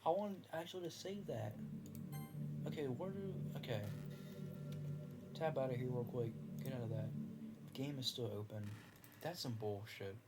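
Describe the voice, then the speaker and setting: A young man with a scratchy throat is streaming a game, reacting in disbelief and swearing freely. His voice sits at an ordinary middle pitch. Loud game music plays behind him. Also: normal speed, long pauses. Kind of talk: live gaming commentary.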